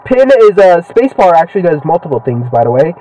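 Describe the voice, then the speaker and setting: A young man giving casual, swear-filled commentary while playing a video game, excitable and heckling the characters on screen. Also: on the high side, a little fast, recorded from a distance, rough recording. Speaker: gaming channel host.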